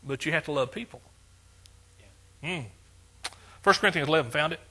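A man's voice: on the high side, normal speed, pushed and bright, slightly rough. A male pastor preaching a conversational sermon, asking his congregation rhetorical questions.

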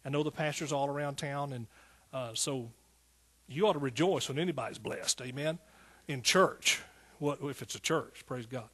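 A man in his sixties preaching a sermon as pastor, telling a personal story in soft asides and building to fervent exhortation. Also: mid-range voice, normal speed, breathy edge. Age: 60s.

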